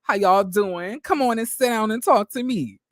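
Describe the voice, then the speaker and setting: A man's voice: high-pitched, moderate pace, a bit bright, dry recording, clean studio sound. A man giving a casual, blunt recap of a reality TV episode, full of slang and restarts. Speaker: recap vlogger.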